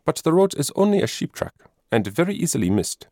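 A man's voice: fairly high pitch, big pitch swings, fast talker, darkish tone, no room sound, studio quality, voice pushed up. A man voicing an honest, firm young shepherd boy in a storybook reading, speaking earnestly in a raised voice.

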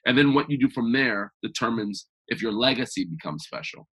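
A man guest on a podcast interview, talking in an energetic, emphatic, motivational way. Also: mid-range voice, fairly quick, breathy edge. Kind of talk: conversational interview.

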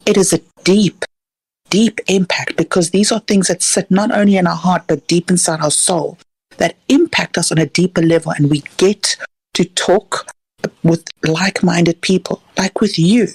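A woman's voice: fairly low pitch, normal speed, darkish tone, slightly rough, no echo. A woman calling in to a radio show, speaking in an earnest, emotional way. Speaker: caller. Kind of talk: heartfelt call-in tribute.

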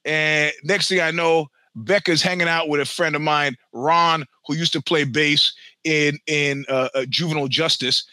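Profane, bright-voiced older male storyteller. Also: a little high, steady tone, normal speed, hardly any pauses, no room sound. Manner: profane, self-mocking, digressive. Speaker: podcast host. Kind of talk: rambling personal storytelling.

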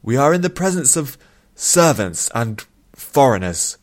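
A man's voice: medium pitch, very animated, unhurried, voice pushed up. A man reading an audiobook and voicing a stern, guarded middle-aged queen mother, with clipped, commanding lines held under tight restraint. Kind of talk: audiobook character voice.

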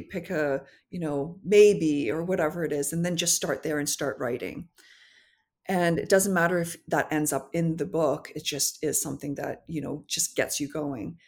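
A woman speaking as a podcast guest, in a low voice. She talks in a reflective, candid way and sometimes restarts as she hunts for the right words. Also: darkish tone. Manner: thoughtful, candid, searching for words. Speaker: podcast guest, memoir author. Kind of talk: reflective conversational interview.

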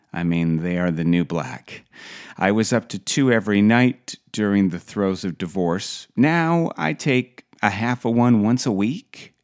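A middle-aged man hosting a podcast, delivering a wry, scripted comic monologue with deadpan asides. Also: deep voice. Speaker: podcast host.

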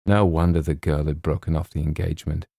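A man reading a comic short story aloud in a measured, wry storytelling manner. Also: a bass voice, steady tone, gravelly, dark tone, dry recording, studio quality. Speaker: audiobook reader. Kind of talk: scripted narration.

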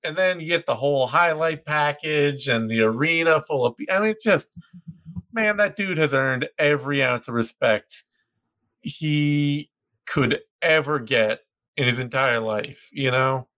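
Young dude cohosting a podcast, hyped rambling chat, bright tense voice. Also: male voice, a little high. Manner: excited, rambling, quick bursts. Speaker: podcast co-host.

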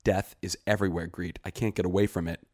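A male reader voices a frightened, desperate young village man pleading earnestly, keeping the voice very low and close to his own. The storybook reading sounds dry and close with no echo, delivered flat, fast, and in a darkish tone.

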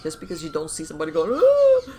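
A woman podcast host giving conversational advice, animated and talking in loose run-on phrases full of fillers, often acting out inner voices. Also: sits low, normal speed, gravelly, slight background noise. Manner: animated, acts out inner voices and quoted thoughts.

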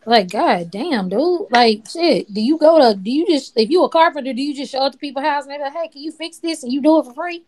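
A woman's voice: sits high, lively intonation, fast talker, hardly any pauses, darkish tone. A young woman, co-hosting a podcast in casual, blunt, profane chat. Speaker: podcast co-host.

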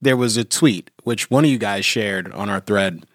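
A man's voice: on the low side, normal speed, fairly bright tone, no echo, clean studio sound. A man co-hosting a podcast, casually explaining a story to listeners and laughing easily. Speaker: podcast co-host. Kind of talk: casual chat.

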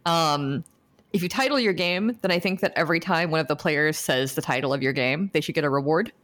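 A woman's voice: low-pitched, brisk, a bit bright. A woman co-hosting a podcast, talking enthusiastically and rambling with many restarts. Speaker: podcast co-host. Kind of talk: casual podcast chat.

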